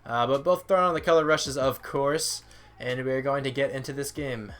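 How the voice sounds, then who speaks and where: A man's voice: medium pitch, normal speed, a bit bright. Tired young man rambling over gameplay. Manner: rambling, self-deprecating, reads out stats. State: tired, voice cracking. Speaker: gaming YouTuber. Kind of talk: casual gameplay commentary.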